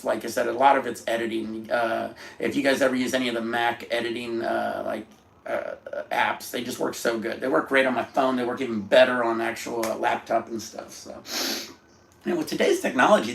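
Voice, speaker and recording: Laid-back gravelly man streaming from home. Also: medium pitch, brisk, a bit bright. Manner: rambling, laid-back, swears casually. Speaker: livestream host. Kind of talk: casual livestream chat. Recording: echoey room, faint background noise.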